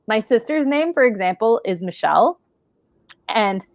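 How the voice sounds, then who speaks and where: A relaxed, talkative woman chats as a guest on a live stream and fills her sentences with "like". Her voice sounds close and dry, with no room echo. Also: fairly high pitch, normal speed. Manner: relaxed and talkative, heavy use of "like". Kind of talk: casual livestream chat.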